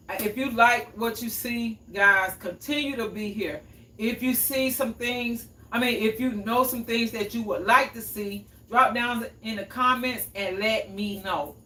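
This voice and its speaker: A woman's voice: on the high side, measured pace, pushed and bright. Chatty woman hosting a livestream in an echoey room. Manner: chatty, reads viewer comments aloud and answers them. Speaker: host of a cooking livestream. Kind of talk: casual livestream chat. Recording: echoey room, mic at a distance.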